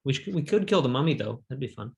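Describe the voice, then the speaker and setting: A man's voice: mid-range voice, animated, fast, creaky. Blunt man arguing game strategy. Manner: blunt, decisive strategy talk. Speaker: game player.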